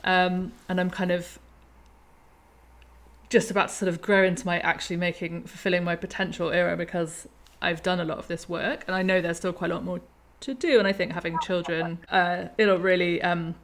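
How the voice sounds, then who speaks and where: A woman in her thirties hosting a conversation, thoughtful and quick to laugh. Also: fairly low pitch, little pitch movement, fairly bright tone. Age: 30s. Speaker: podcast host. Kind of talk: reflective conversation.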